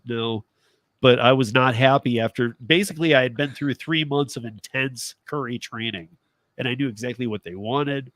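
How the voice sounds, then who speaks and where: A man in his thirties hosting a casual talk show, telling a story with lively acted-out dialogue. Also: medium pitch, dry recording. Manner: animated storytelling, acts out quoted dialogue, laughs often. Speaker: podcast host, rideshare driver. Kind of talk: casual chat.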